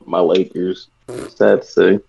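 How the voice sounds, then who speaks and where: A man's voice: sits low, flat delivery, takes it slowly, vocal fry, a little mellow, slightly rough, dull audio. A young man co-hosting a casual podcast chat, laid-back and rueful in tone. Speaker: podcast co-host.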